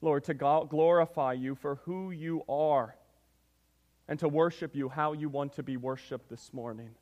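High-voiced pastor preaching in reverberant church. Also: male voice, steady tone, moderate pace, darkish tone. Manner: emphatic preaching, often addressing the listeners as church. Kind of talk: sermon with scripture reading and prayer. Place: church sanctuary. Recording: long reverb of a church hall.

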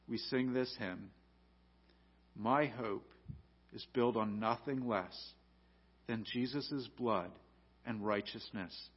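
A man preaching a sermon as pastor, rising to loud emphatic peaks and dropping to quiet, low lines. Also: slow, pauses often, slightly rough, muffled recording.

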